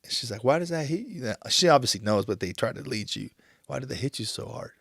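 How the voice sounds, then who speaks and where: A man in his thirties talking on a podcast, emotional and halting, tearing up as he speaks with many restarts. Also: fairly low pitch, vocal fry, sharp tone, no room sound, clean studio sound. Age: 30s. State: tearful. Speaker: podcast host. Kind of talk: casual chat.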